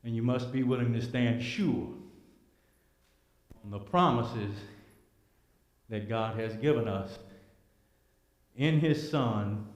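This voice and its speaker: A man's voice: mid-range voice, takes it slowly, long pauses. A man teaching a church Bible class, preaching with emphatic repetition and rhetorical questions. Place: church hall. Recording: echoey church hall.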